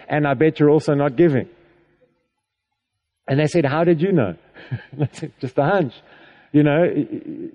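A man's voice: a little high, dark tone. A man preaching a sermon to a congregation in a casual, conversational way, checking in with them often and laughing along. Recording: echoey hall reverb.

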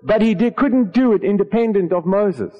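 A man's voice: high voice, lively intonation, moderate pace, lo-fi sound. A man preaching a sermon, reading scripture aloud and stopping to explain it, often repeating words as he goes. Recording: long hall reverb.

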